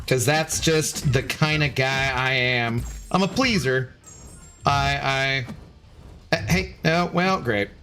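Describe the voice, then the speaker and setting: A man's voice: mid-range voice, slow, bright, forceful tone, faint music behind. A man streaming a video game in a casual, rambling way, greeting viewers and reading their chat aloud. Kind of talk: casual live-stream commentary.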